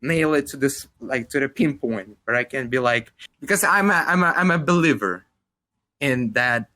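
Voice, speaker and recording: Russian-accented man, 20s, podcast co-host, bright tone, rambling casual delivery with lots of "like" and swearing. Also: medium pitch, animated, moderate pace.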